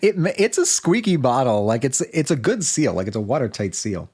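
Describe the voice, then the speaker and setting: A man's voice: medium pitch, big pitch swings, a little fast, a little mellow, husky. A man streaming casually who chats in a rambling way, restarting and interrupting himself often. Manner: rambling, self-interrupting, many restarts and fillers. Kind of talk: casual livestream chat.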